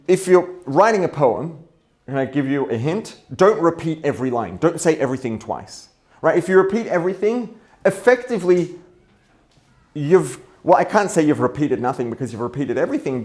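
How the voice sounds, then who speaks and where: A man's voice, on the high side and a bit mellow, belongs to a rabbi explaining Torah to listeners. He thinks through the text aloud, circling back to rephrase points and raising rhetorical questions.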